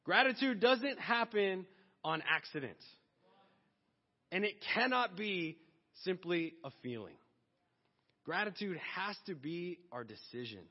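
High-voiced man preaching in a reverberant hall. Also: unhurried, pauses often. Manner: animated, conversational preaching with acted-out asides. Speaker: pastor. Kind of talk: sermon. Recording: dull long-reverb hall sound.

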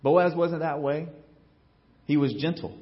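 A male pastor preaches with lively, story-driven energy, his voice sitting a little high for a man. He tosses in casual, joking asides and swings from loud to hushed. The recording is muffled and lo-fi. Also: a little slow. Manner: animated storytelling, acts out quotes with big swings in loudness. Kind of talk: sermon.

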